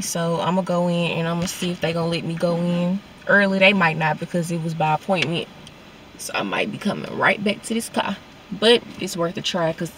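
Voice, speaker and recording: A woman's voice: lowish voice, distant mic, background noise. A woman, chatting informally to the camera from a parked car. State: frustrated and irritated. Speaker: vlogger. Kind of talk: casual vlog chat.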